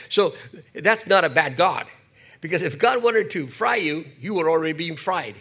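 Older man preaching with husky voice. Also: on the high side, moderate pace. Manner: animated preaching with acted quotes and asides. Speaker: pastor. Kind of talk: sermon.

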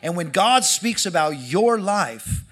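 A man preaching a sermon to his church, acting out the people in the story and swinging between loud and hushed delivery. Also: sits high, takes it slowly. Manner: animated, acts out quoted voices, swings from loud to hushed. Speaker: pastor.

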